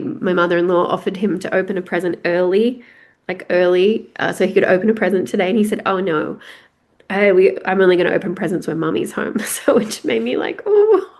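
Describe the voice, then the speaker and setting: A middle-aged Australian woman hosting a podcast, talking candidly and chattily in a solo reflective monologue with laughs and restarts. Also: mid-range voice. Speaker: podcast host. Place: house, on her own.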